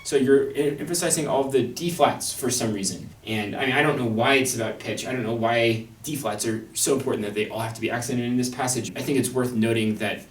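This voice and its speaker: Young male violinist-teacher, wry and thoughtful, mid-pitch, heard at a distance in a roomy practice space with a violin nearby. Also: fairly quick, few pauses, music in the background. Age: young adult. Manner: thoughtful, wry, with fillers and restarts. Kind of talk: instructional talk on an orchestral excerpt. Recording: echoey room, mic at a distance.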